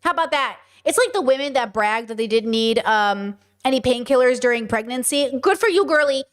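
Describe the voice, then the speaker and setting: Sitting high and animated, this woman's voice moves briskly with a clean tone. She hosts a casual reaction podcast about news clips, blunt and profane in her commentary and prone to rambling asides.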